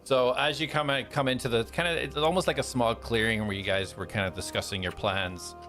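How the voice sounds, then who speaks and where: Bright-voiced man running a tabletop game. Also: medium pitch, steady tone, a little fast, faint music behind. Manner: loose descriptive narration with many fillers. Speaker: game master.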